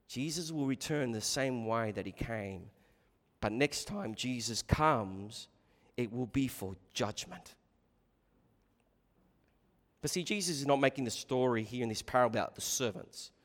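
Emphatic preacher with hall reverb. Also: male voice, sits high. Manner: dynamic, swings between loud emphatic bursts and hushed asides. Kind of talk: expository sermon.

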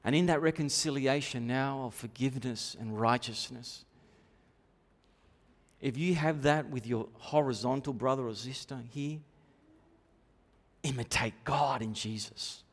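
A male pastor delivers an animated sermon, his voice rising to emphatic bursts and dropping to quiet asides. He sounds like he is in a church, with a long reverb trailing each phrase. His pitch sits in an ordinary middle range for a man. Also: unhurried. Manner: animated preaching with sudden loud and quiet swings.

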